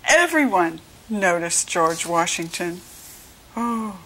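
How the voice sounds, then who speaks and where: An American woman reading a children's storybook aloud slowly and clearly for young listeners. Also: expressive, slight background noise. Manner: slow, clear teaching read-aloud, brighter pitch for quoted children. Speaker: children's book reader. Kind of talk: read-along storybook narration.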